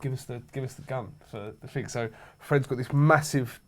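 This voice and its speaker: A man's voice: medium pitch, normal speed. A young man telling rowdy anecdotes in casual chat, swearing freely and laughing as he goes. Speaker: show regular.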